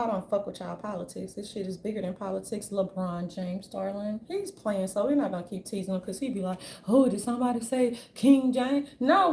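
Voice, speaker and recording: A woman giving an unscripted commentary rant, brash and profane, with a sassy, animated delivery. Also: mid-range voice. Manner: brash, profane, sassy, repeatedly says "darling"; animated, jumps into mocking voices. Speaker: commentary vlogger.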